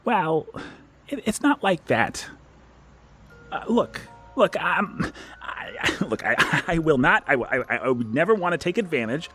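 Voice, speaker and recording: A man's voice: on the high side, sing-song, pushed and bright, breathy edge, full character voice. A man playing a stammering nervous young suitor. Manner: stammering, halting, laughing nervously. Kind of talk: audio drama acting.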